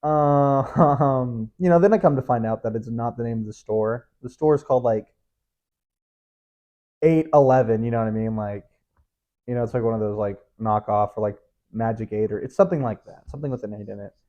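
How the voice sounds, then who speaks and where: Brisk and dark in tone, this medium-pitched young man runs his own podcast. He meanders through an offhand monologue packed with cursing, false starts and chuckles, and the lo-fi recording is dull.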